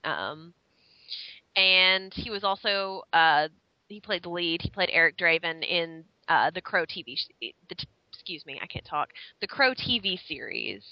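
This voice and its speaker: A woman's voice: fairly low pitch, expressive, measured pace, no room sound, highs cut off. A woman co-hosting a casual podcast chat, sharing facts hesitantly with many ums. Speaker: podcast co-host.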